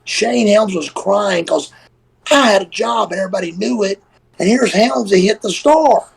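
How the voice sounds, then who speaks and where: A middle-aged man, a former wrestler, telling an animated, profane story and acting out what people said. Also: sits high, moderate pace, crowd noise, poor audio. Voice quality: gravelly, husky. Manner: animated, profane storyteller who acts out quoted voices. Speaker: guest, former pro wrestler. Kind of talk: casual storytelling on a live stream.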